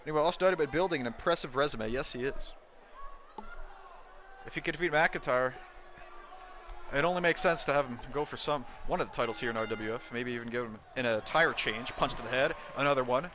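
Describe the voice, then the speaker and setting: A man commentating a wrestling video game play-by-play, excitable, breaking into shouts at big moves. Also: medium pitch, fairly quick.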